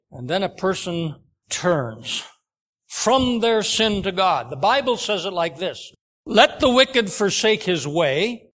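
A man with a high-pitched voice delivers a sermon. He speaks slowly and earnestly, stopping to restart his sentences as he tells a story. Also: a bit bright. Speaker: preacher.

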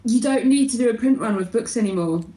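A woman's voice: on the high side, warm tone. Playful woman in an echoey room. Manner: playful, teasing, quick to laugh. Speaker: guest. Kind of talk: casual chat.

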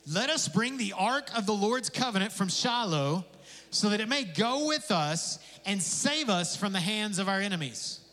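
A male pastor preaches in a lively, conversational way, tossing in jokes and casual asides. His voice sits high and rings bright. The sound carries a long reverb, as if it fills a large sanctuary. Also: normal speed. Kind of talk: sermon.

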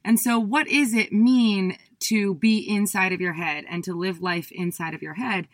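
A woman in her thirties giving a talk, telling a personal story with lively acted-out quotes of her past self. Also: normal speed, no room sound. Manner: animated, acts out her own past voice in high bursts. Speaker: speaker.

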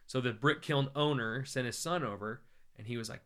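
Bright-voiced American man telling stories. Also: on the low side, fast talker. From United States. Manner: animated, joking, acts out quoted voices. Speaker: evangelist guest. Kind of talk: conversational storytelling.

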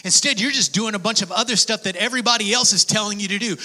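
A man preaching a sermon, dropping to whispers and rising to shouts, acting out prayers in dialogue. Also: high voice, quick pace, few pauses. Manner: swings from hushed whispers to shouted passion; acts out prayers and quotes in dialogue.

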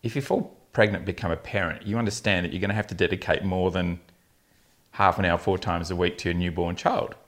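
A man's voice: sits low, fairly even intonation, fairly quick, fairly bright tone. A man, a fertility specialist telling blunt, funny patient stories in a casual podcast chat. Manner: anecdotal, laughing often, blunt humour.

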